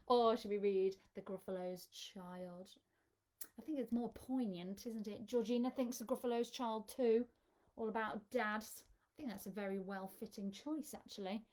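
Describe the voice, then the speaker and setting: A woman children's entertainer reading a picture book aloud in a live storytime, expressive and coaxing the children to join in. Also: a little high.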